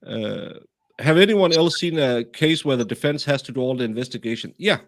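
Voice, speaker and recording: Halting man reading out viewer chat. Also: mid-range voice. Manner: halting, many fillers and restarts. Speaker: host.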